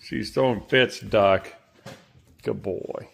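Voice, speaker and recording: A man talking to his animals in an unhurried, gravelly voice. His tone is coaxing and teasing as he films them, with casual swearing and a slight hiss of noise behind him. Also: on the low side. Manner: coaxing, teasing playful pet talk. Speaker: pet-owning video creator. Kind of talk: casual talk to pets while filming.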